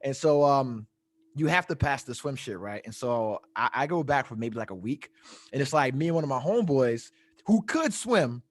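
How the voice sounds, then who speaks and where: A man telling a long story in casual chat, animated and profane, often laughing at his own tale. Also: medium pitch, normal speed. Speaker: podcast storyteller.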